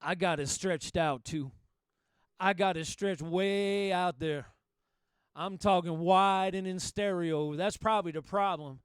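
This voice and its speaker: A man's voice: high-pitched, unhurried, clean tone, no room sound, studio quality. A man chatting over CB radio in a folksy, salty way, repeating himself. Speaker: CB radio operator. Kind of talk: CB radio chat.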